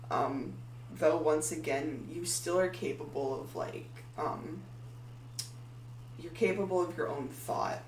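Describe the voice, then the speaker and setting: Woman narrating a tabletop game, hesitant, many fillers, roomy echo, off-mic, faint hum. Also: low-pitched. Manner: hesitant, full of ums and likes. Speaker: game master. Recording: echoey room, far from mic, faint hum.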